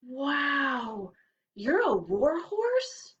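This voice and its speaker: A woman voicing a small, timid young male rabbit in a storybook reading, with a squeaky, indignant manner. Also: big pitch swings, slow, a bit bright, breathy edge, highs cut off, full character voice.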